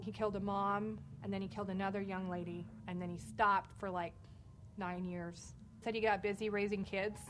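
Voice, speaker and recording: A woman's voice: mid-range voice, slight background noise. A woman in her forties giving an earnest, conversational personal testimony, with many fillers. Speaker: testimony speaker in a church video. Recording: music bed underneath.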